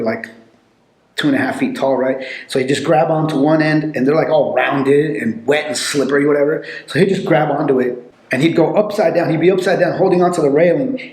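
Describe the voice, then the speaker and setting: A man telling loose, animated stories in a casual chat, with lots of fillers. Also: a little high. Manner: rambling, animated storytelling with many fillers. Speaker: podcast guest telling stories. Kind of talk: casual storytelling. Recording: echoey room.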